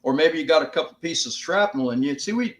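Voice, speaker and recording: Older man, American, plainspoken, casual storytelling, slightly raised pitch. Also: lively intonation, fast. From United States. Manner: plainspoken, swearing, laughing through stories. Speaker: guest, veteran.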